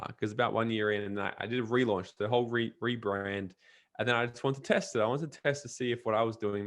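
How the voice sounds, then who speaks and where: Energetic man, lowish voice. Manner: energetic, emphatic, lots of restarts. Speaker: podcast coach and guest. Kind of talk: casual interview talk.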